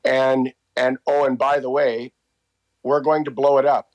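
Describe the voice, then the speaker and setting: A man in his fifties talks loosely and warmly, circling back with "you know" and "by the way". His voice sits at a plain middle pitch for a man, and he keeps restarting his sentences as he goes. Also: flat delivery, a little slow, highs cut off. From Canada. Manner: rambling, many fillers and restarts. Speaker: interviewee, walking tour guide. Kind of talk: casual storytelling.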